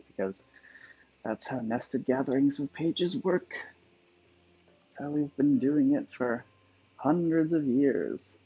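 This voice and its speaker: A man's voice: mid-range voice, measured pace, mellow, breathy edge. A man chatting casually on a livestream while he works at calligraphy, thinking aloud and wandering off on tangents. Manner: musing, digressive thinking aloud. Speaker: calligrapher streaming his work. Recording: dull lo-fi sound with faint background music.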